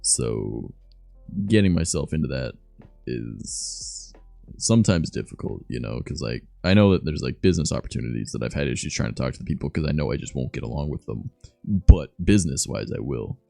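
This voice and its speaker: A young man from Canada with a deep voice, chatting loosely and softly on his stream, swearing as he goes. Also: very animated, brisk, creaky, no echo, faint music behind. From Southern Ontario, Canada. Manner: soft-spoken, loose and swearing. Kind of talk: casual stream chat.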